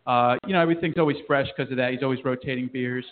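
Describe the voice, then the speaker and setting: A man's voice: medium pitch, fairly even intonation, racing, noisy background. A man who works at a brewery, casually explaining its beers with many hesitant fillers. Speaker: brewery staff member. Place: brewery bar. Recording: tinny phone-like sound.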